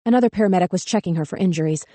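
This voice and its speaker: A woman narrating a thriller audiobook in a measured, tense way. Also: lowish voice, mellow, no room sound. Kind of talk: scripted narration.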